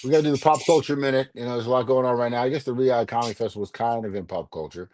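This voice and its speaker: A man co-hosting a podcast in casual chat, joking and animated, slipping in and out of voices. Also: mid-range voice, very fast, slight background noise. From Miami. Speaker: podcast co-host.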